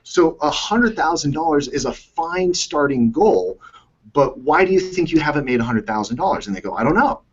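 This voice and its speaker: A man's voice: fairly high pitch, expressive, normal speed, husky. A man who coaches real estate agents, talking as the guest on a live show and acting out quotes from the agents he meets. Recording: dull lo-fi sound.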